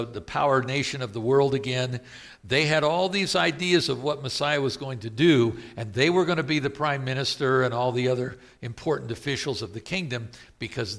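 A man's voice: medium pitch, a bit bright. A man with a Southern US accent preaching a sermon, retelling scripture in a plain conversational way and asking his listeners questions. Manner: paraphrasing scripture in conversational asides.

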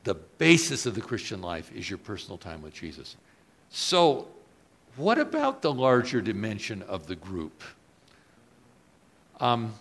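A man preaching a sermon, moving between quiet reflective lines and loud, emphatic questions put to the congregation. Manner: swings from soft low asides to loud emphatic rises; asks the audience questions.

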